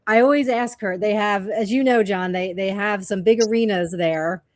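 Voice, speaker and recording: A woman's voice: medium pitch, normal speed, dry recording, clean studio sound. A woman co-hosting a podcast, telling stories and asking her guest questions in casual chat. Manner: lively storyteller, asks questions. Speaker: podcast co-host.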